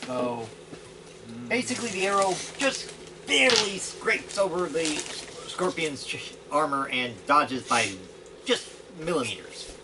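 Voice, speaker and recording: Animated game master narrating, noisy room. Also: male voice, a little high, unhurried. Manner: laughing, animated storytelling. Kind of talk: casual tabletop game narration. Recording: noisy home recording.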